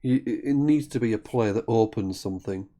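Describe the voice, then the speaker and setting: A man's voice: lowish voice, a little fast, mellow, a little hiss or hum. A man commentating live on a word game, thinking aloud and often correcting himself. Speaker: Scrabble commentator.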